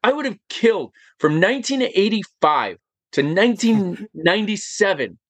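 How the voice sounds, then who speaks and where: A man talking as a podcast guest in casual chat, animated and emphatic, firing off rhetorical questions. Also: high voice, normal speed, slightly rough, dry recording.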